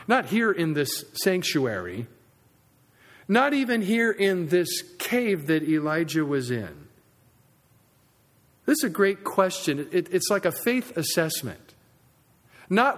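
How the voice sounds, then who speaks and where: A man preaching a sermon in a church sanctuary, swinging between loud emphasis and quiet asides. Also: a little high, big pitch swings, unhurried. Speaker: pastor. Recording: long reverb of a large sanctuary.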